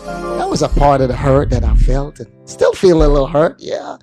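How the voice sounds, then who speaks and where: A man's voice: a little high, very animated, normal speed, music in the background. A middle-aged man from Anguilla hosting a radio show, talking in a heartfelt, preachy way and slipping into sing-song phrases. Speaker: radio DJ and host. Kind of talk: heartfelt devotional radio talk. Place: radio studio. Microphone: studio microphone at a mixing desk.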